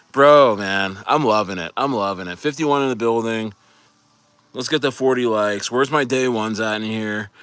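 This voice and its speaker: Male streamer, hyped and rambling, bright tense tone, dry close-miked sound. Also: fairly low pitch, no echo. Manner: hyped, rambling, laughing often. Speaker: crypto livestream host. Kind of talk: casual livestream chat.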